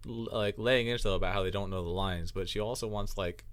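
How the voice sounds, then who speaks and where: A man's voice: fairly low pitch, steady tone, quick pace. A man co-hosting a podcast with a mixed Irish and American accent, chatting casually, rambling, swearing and laughing often. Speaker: podcast co-host. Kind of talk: casual chat.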